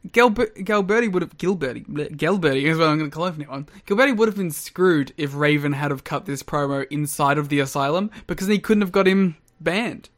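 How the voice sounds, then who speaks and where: A man co-hosting a casual podcast, cracking crude jokes and quick interjections. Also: on the high side, a bit bright. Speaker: podcast co-host. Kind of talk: casual wrestling podcast chat.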